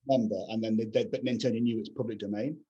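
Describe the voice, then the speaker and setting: A man's voice: on the low side, steady tone, rapid-fire, dark tone, dull audio. A middle-aged man, a guest video game composer, rambling through anecdotes with lots of "you know" fillers in casual chat. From England.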